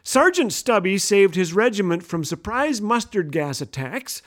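A middle-aged radio host delivers a humorous storytelling monologue, playful and laughing at his own jokes. His voice sits high, with big pitch swings and an unhurried pace.

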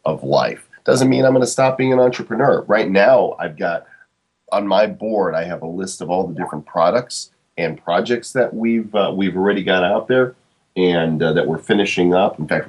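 A man's voice: low voice, moderate pace, slightly rough. A man in his forties hosting a talk show, speaking reflectively with frequent fillers and restarts. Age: 40s. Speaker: podcast host. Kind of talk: casual monologue.

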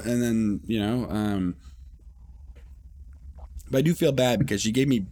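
A man's voice: mid-range voice, normal speed, a little mellow. A man in a mid-range voice hosts his podcast alone, telling a story in a loose, casual monologue. He rambles, swears freely and often restarts his sentences. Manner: rambling and profane, with many restarts. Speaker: podcast host.

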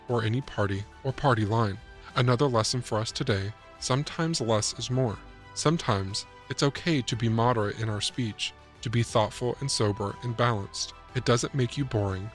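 Calm man narrating a reflective essay. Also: medium pitch. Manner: calm, measured, persuasive. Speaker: commentator.

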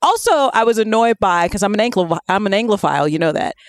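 A woman from the American South, co-hosting a podcast in casual chat, animated and dramatic. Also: mid-range voice, quick pace, a little hiss or hum. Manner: animated, dramatic, acts out quotes. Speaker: podcast co-host.

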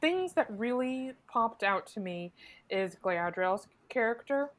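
Slightly high, giggly woman guest. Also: expressive, unhurried. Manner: giggly, enthusiastic. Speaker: podcast guest. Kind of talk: casual chat.

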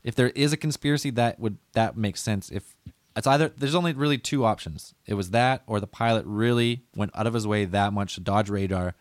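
A man's voice: fairly low pitch, a little fast, no echo. A young man co-hosting a podcast, rambling and swearing casually in loose banter. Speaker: podcast co-host.

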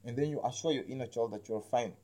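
A man's voice: medium pitch, mellow. A man hosting an episode, talking loosely about spiritual healing with lots of restarts and a habit of asking whether you understand him. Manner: halting, repeats words, keeps asking "you understand me?"; slangy, says "man" and "like" a lot. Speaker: podcast host. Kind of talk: rambling spiritual talk.

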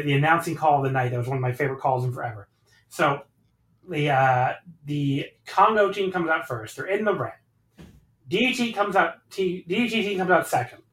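A man hosting a casual wrestling review podcast, excitable and swearing freely as he recaps matches. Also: a little high, moderate pace, roomy sound, distant mic, low-quality recording. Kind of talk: casual chat.

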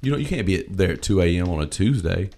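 A man's voice: low voice, lively intonation, quick pace, dark tone. A man, telling a story in casual chat, swearing freely and acting out voices.

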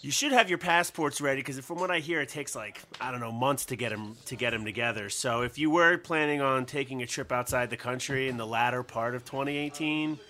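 Bright-voiced guest dodging questions. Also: male voice, brisk, hardly any pauses. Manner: evasive, hedging, low-key answers. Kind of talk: casual chat on a talk show.

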